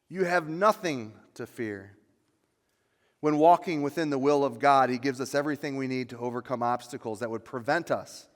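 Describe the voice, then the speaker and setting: A male pastor preaching a sermon, building to loud, emphatic peaks on dramatic lines. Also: mid-range voice. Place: church sanctuary. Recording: long church reverb.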